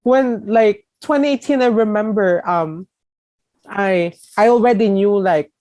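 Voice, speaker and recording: A tearful woman from the Philippines shares her story as a podcast guest, halting and full of fillers. Her voice sits mellow and warm, recorded dry and close. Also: mid-range voice, no echo, low-quality recording. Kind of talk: emotional personal story.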